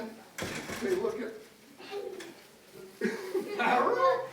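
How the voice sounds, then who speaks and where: A woman with a high voice tells a story to a crowd of children, building drama and asking them questions. She is recorded from a distance in a big, heavily echoing hall. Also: measured pace, long pauses. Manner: lively, dramatic, asks the audience questions. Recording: very echoey hall, far from the mic.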